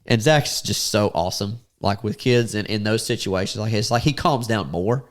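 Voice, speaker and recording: A man recounts a hunting trip in easy, casual podcast talk. He slips into the voices of his friends as he goes. His pitch leaps up sharply when the story gets exciting. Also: moderate pace. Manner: animated, acts out quotes with sudden high-pitched outbursts.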